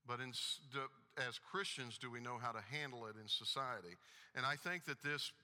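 Forceful preacher man in a reverberant hall. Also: medium pitch, moderate pace. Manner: emphatic, reads scripture aloud. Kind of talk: sermon.

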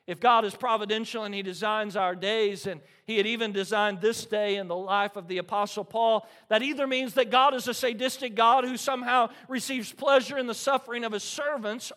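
A man with a strikingly high voice preaches a sermon to his congregation. He tells stories with lively energy and keeps tossing questions back to the listeners. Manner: animated storytelling, frequent "right?" to the congregation. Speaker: pastor.

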